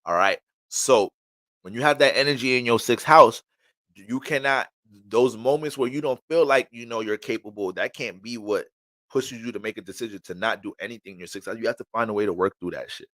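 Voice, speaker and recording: A man's voice: medium pitch, brisk, a bit bright, no echo. A man giving an astrology reading in a casual, blunt way, full of profanity and street slang.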